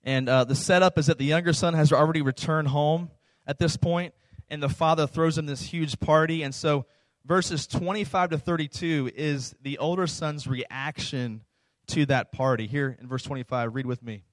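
A man's voice: fairly high pitch, steady tone, normal speed, no room sound, studio quality. A man preaching in a conversational sermon style, often checking in with the audience by asking "right?" and "okay?". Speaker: pastor.

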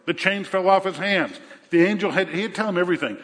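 An older man preaching a sermon, telling a Bible story with animated energy and acting out the voices. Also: high-pitched, quick pace. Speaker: pastor. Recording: echoey hall.

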